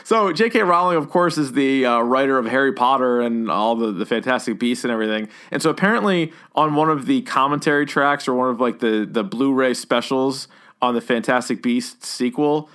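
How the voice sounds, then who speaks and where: A man co-hosting a casual podcast chat, joking and animated, sometimes jumping into a high mock voice. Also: a little fast. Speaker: podcast co-host.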